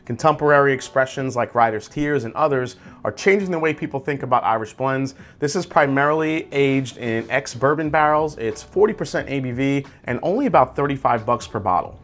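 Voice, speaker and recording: A man hosting a casual whiskey tasting review, describing tasting notes aloud in a relaxed, conversational way. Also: medium pitch, a little fast, hardly any pauses. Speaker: whiskey reviewer, channel host.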